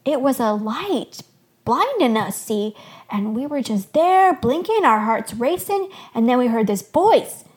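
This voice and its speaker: A woman voicing a skinny, excitable young male shepherd eagerly retelling a story. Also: on the high side, unhurried. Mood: excited.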